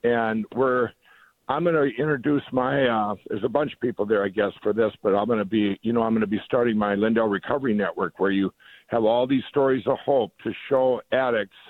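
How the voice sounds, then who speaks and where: Over a tinny, dry phone line, a middle-aged man being interviewed as a guest rambles with enthusiasm and keeps restarting his sentences. His voice is lowish, fairly even in intonation, and a little fast, with no room sound.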